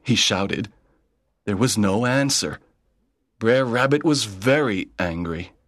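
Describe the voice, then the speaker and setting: A man's voice: lowish voice, animated, takes it slowly, a bit bright, no room sound. A man reading a children's story aloud in plain, simple sentences. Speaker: narrator. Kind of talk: slow read-aloud storytelling.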